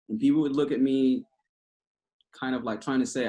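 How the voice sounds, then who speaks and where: Over a video call, a guest speaker from Cuba, in his thirties with a Cuban Spanish accent, talks casually and passionately, often restarting and rambling. He's a native Spanish speaker with a mid-range voice at normal speed.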